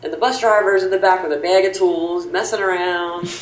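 A woman telling a funny personal anecdote in an animated, playful way, with a roomy recording sound. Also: fairly quick. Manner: animated, playful, jumps high for quoted voices. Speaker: storyteller.

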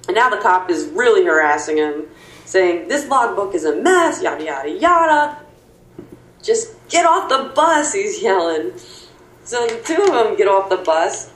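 A woman telling a funny personal anecdote in an animated, playful way, with a roomy recording sound. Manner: animated, playful, jumps high for quoted voices. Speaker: storyteller.

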